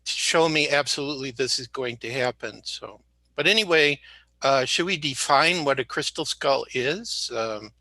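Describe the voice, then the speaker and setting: A slightly sick man chatting as a guest in a bright, tense-edged voice. He rambles, tells jokes and backtracks mid-sentence. The sound is dry and close, with no room behind it. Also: medium pitch, moderate pace, no echo. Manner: rambling, jokey, self-correcting. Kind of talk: casual interview talk.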